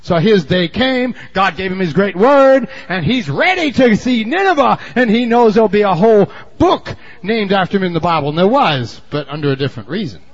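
A man's voice: sing-song, brisk, hardly any pauses. Folksy preacher man, lo-fi sound. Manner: folksy storytelling, swinging from low asides to shouted emphasis. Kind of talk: sermon.

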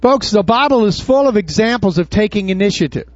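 High-voiced preacher man, dry and dull. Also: animated, a little fast, no room sound. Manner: calls out questions to the congregation and acts out Bible scenes. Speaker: pastor. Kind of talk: sermon. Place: church before a congregation.

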